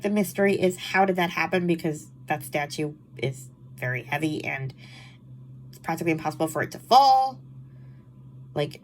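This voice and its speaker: A woman's voice: deep voice, a little hiss or hum. A woman with a nasal, allergy-stuffed voice chatting casually about books she read, full of "like" and exasperated asides. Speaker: book vlogger. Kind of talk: casual book wrap-up chat.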